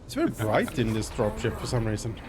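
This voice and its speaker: A man's voice: lowish voice, very animated, brisk, a crowd in the background. Giggly man chatting over a game. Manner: giggly, laughs often, reacts loudly to the action. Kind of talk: casual gaming chat.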